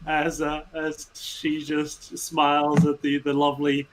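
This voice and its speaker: A man narrating as game master in a tabletop game, lively and quick to laugh. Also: on the high side.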